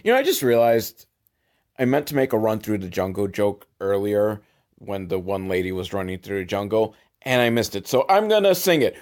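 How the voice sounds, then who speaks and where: A man hosting a sarcastic comedic movie recap, with wry, deadpan asides, casual swearing and chuckles. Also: lowish voice, normal speed. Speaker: show host recapping a film.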